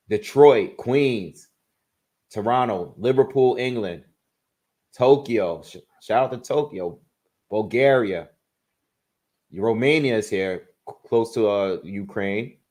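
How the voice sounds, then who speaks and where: A man hosting a casual boxing livestream, reading out where his viewers are from in quick bursts and thinking aloud as he gives his predictions. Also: on the low side, darkish tone.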